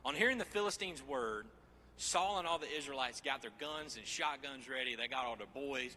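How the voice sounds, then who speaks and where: A man preaching a sermon with jokes, swinging from loud, energetic Bible reading to near whispers, on a handheld microphone. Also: medium pitch, a little fast. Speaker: pastor. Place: church sanctuary.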